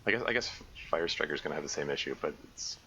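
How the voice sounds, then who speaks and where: A man's voice: extremely low pitch, lively intonation, quick pace, pushed and bright. A man casually commenting on a survival game during a live stream, rambling and often restarting his sentences. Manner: rambling, self-correcting, frequent stammered restarts. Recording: slightly dull lo-fi mic with faint noise.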